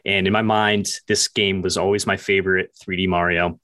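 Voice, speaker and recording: A man on a gaming podcast with a low voice and a bright, forceful edge. He talks about his favorite games with upbeat, eager enthusiasm. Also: flat delivery, moderate pace. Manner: enthusiastic, upbeat gamer talk. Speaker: podcast co-host. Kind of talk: casual podcast chat.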